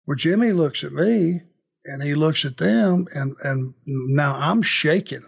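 A man with a gravelly, raised voice tells a story as an interview guest, animated and full of restarts. The recording is dull and lo-fi. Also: on the high side, measured pace. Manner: animated anecdote-telling with lots of restarts. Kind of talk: casual storytelling.

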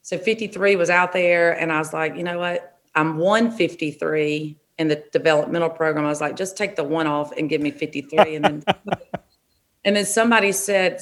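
A middle-aged woman, a football official, telling stories in a relaxed, frank way in an interview. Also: sits low, moderate pace. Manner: relaxed, frank anecdotal telling with short restarts. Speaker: NFL official, interview guest. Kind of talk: conversational interview storytelling.

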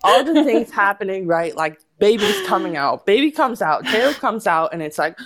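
A woman's voice: medium pitch, normal speed. Chatty woman telling a story. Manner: animated, laughing, many fillers. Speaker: podcast guest. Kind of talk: casual storytelling.

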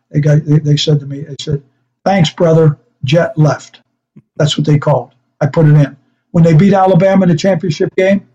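An older man, a retired football coach, spins long anecdotes in a rambling, restarting way and chuckles as he goes. His voice sits a bit high for a man yet sounds mellow and dark, coming through a muffled, lo-fi remote line. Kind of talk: casual chat, storytelling.

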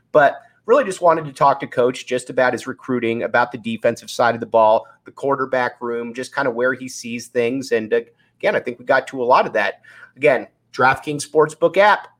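A man with a raspy voice hosting a sports podcast, talking casually in an upbeat, rambling, off-the-cuff way. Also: mid-range voice. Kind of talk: casual sports talk, live show sign-off.

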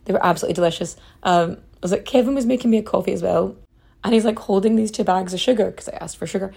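Gravelly, husky woman telling history stories. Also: medium pitch, fast talker, mellow. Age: adult mother. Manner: chatty, rambling asides, swears casually. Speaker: podcast host. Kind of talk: casual history storytelling.

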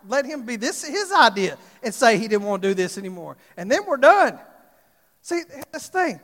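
A man's voice: extremely high pitch, fairly bright tone. A man preaching a storytelling sermon, acting out the voices of the people in his stories. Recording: reverberant hall.

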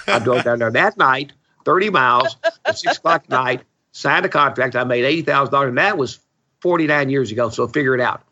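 A man's voice: mid-range voice, brisk, bright, forceful tone. A man in his seventies, a real estate investor guesting on a podcast, telling stories in a blunt, opinionated, salty way on a dull lo-fi recording. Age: 70s. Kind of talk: storytelling interview chat.

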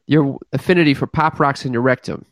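A woman's voice: extremely low pitch, brisk, dry recording. A woman co-hosting a podcast in casual chat, blunt and joking, swearing freely. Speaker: podcast co-host.

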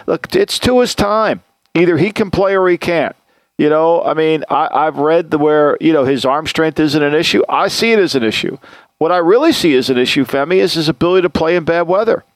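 A man's voice: fairly high pitch, no room sound. A man hosting a sports podcast, talking football in a blunt, opinionated way with many restarts. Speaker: podcast host, football analyst. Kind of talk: casual sports talk.

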